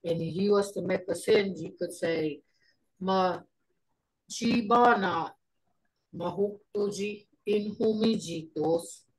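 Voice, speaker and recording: Woman, middle-aged, slow unhurried speech, folksy teacher, lots of ums, video call sound. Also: lowish voice, rough recording. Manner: unhurried, folksy, thinks aloud with many fillers. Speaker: language teacher. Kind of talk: casual online language class.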